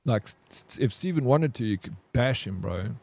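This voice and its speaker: A man's voice: medium pitch, expressive, normal speed, a little mellow, dry recording. A man streaming a game, telling a long, rambling anecdote with plenty of swearing and "bro". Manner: rambling, profane, says "bro" a lot. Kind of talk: casual storytelling over gameplay.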